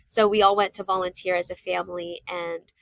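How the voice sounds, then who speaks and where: A woman in her thirties, a podcast guest, telling a story in casual conversation and acting out what people said with lively jumps in her voice. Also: fairly quick, a little hiss or hum. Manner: animated, acts out quotes with jumps in pitch.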